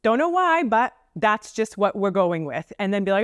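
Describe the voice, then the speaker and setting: A woman counsellor giving casual advice straight to camera, playful, with joking asides and slower stresses on key points. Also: mid-range voice, big pitch swings, clean tone, no echo, studio quality.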